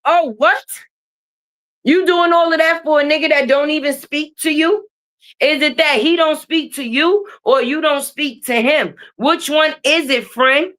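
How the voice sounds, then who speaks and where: A young adult woman streamer, ranting on a livestream in a profane, confrontational, animated way. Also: sits high, a little slow. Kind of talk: livestream rant. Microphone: streaming mic.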